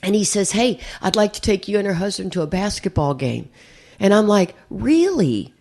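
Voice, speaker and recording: A woman's voice: mid-range voice, brisk, a little mellow. An older woman sharing her story at a recovery meeting, chatty and rambling, often repeating words as she starts a sentence. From USA. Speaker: AA speaker.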